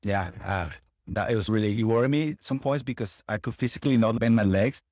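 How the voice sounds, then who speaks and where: A man talking in a casual conversation, earnest and halting as he recounts a hard event. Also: lowish voice, darkish tone, no room sound, studio quality. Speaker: podcast co-host.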